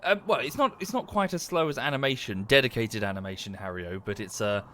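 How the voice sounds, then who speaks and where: A man's voice: medium pitch, expressive, fast, a bit bright, a little hiss or hum. A man chatting casually to viewers during a livestream, rambling and thanking them as he goes.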